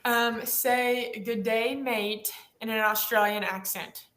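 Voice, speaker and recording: A woman co-hosting a webinar over a video call, asking quick playful questions and teasing her guests. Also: a little high, fairly even intonation, fairly bright tone, roomy sound, low-quality recording. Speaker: webinar co-host asking lightning round questions. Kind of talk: casual video-call chat.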